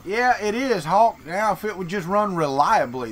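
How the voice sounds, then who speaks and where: A man's voice: high-pitched, animated, a little slow, hardly any pauses, faint music behind. A man from Florida with a Southern American accent, chatting and joking with viewers on a live stream. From Florida, Deep South. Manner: joking, chatty, reads and answers chat. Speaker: streamer host. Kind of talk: casual live-stream chat.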